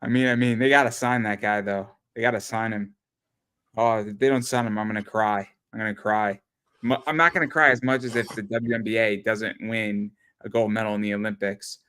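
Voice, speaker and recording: A man's voice: on the low side, steady tone, fairly quick, sharp tone, clean tone. A man hosting a casual talk show, rambling and swearing, often repeating his words. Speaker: podcast host. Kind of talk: casual chat.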